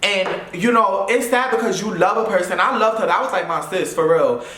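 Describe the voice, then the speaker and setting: A young man from Brooklyn, telling a storytime vlog in an animated way and mimicking the people in it. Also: high-pitched, brisk, echoey room, a little hiss or hum. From Brooklyn, New York. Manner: animated, mimics voices, says blah blah. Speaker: YouTuber. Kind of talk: storytime while getting ready.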